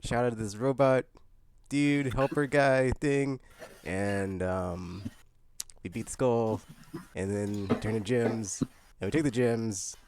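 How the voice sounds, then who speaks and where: A man's voice: mid-range voice, slow pace, a little mellow, slight background noise. A man casually recapping a game session, rambling and jokey, loose with filler words. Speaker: player.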